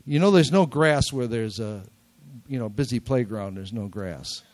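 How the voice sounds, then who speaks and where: A man's voice: mid-range voice, expressive, normal speed. An older man with a nasal voice preaching a sermon in a church, talking casually with jokes and repeating key words for emphasis. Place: church sanctuary.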